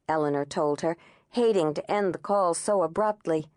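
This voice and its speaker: A woman narrating an audiobook in a measured, expressive storytelling manner on a close studio mic. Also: deep voice, no room sound.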